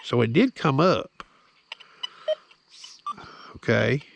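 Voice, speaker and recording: A man's voice: mid-range voice, animated, drawn-out words, creaky, noisy background. A man giving a plain-spoken, hands-on tutorial outdoors, often checking in with the viewer. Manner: plain-spoken, drawling, keeps checking in with "okay?". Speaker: metal detecting hobbyist demonstrating a detector.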